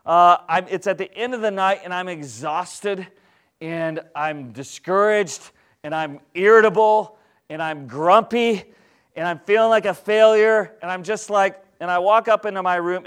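Man preaching, storytelling sermon, conversational, smooth clear tone. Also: high-pitched, a bit bright. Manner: candid, conversational, asks the congregation rhetorical questions. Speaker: pastor.

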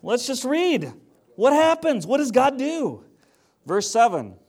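A man's voice: extremely high pitch, big pitch swings, slow pace, darkish tone. A man preaching a sermon in a conversational style that rises to emphatic declarations. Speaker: pastor.

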